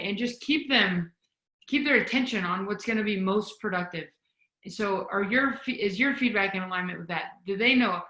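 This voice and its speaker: A woman speaking as a volleyball coaching guest on a video call, energetic and emphatic, demonstrating as she talks. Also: mid-range voice, moderate pace, echoey room, low-quality recording. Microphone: video call mic.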